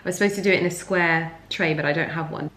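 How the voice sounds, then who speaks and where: A woman's voice: sits low, fairly even intonation, fast talker, fairly bright tone. A woman in her thirties chatting casually in a lifestyle vlog from her home kitchen, talking loosely with many fillers and frequent giggles. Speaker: lifestyle vlogger.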